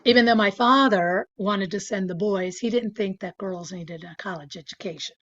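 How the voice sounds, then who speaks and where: A woman's voice: medium pitch, moderate pace, a bit bright, lo-fi sound. A woman in her sixties, chatting casually as an interview guest, with lots of fillers and frequent laughter. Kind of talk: casual storytelling.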